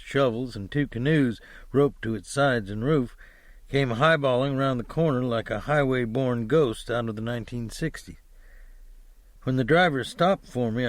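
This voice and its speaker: A man reads a crime novel aloud in a steady, measured way, his voice sitting at an ordinary middle pitch. The recording is close and dry, with no room sound. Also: no room sound. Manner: steady, measured, descriptive reading. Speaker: audiobook narrator. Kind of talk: scripted audiobook narration.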